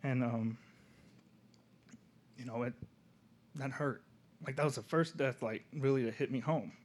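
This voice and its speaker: Young man telling his story. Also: medium pitch. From Oklahoma. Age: young adult. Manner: casual, halting, soft-spoken at moments. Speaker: student speaker. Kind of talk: personal testimony storytelling.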